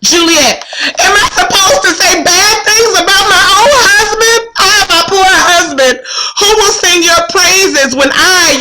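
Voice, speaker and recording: A woman's voice: extremely high pitch, sharp tone, voice pushed up, exaggerated voice, rough recording. A woman reading as a heartbroken young girl. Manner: plain read-aloud of a modern prose paraphrase. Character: young lovestruck girl torn by grief. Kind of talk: reading a play aloud in class.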